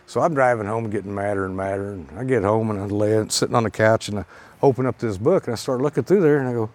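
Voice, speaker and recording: A man, a pilot and author, telling a story from a stage in a salty, animated way, his voice rising and heating up at times. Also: lowish voice, fast. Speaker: pilot and author giving a talk. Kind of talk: storytelling presentation. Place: event stage.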